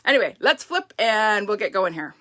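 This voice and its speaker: A woman's voice: medium pitch, very animated, normal speed, bright, forceful tone. A woman hosting a casual live stamping craft demo, chatty and upbeat, greeting viewers by name. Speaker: stamping craft demonstrator, host.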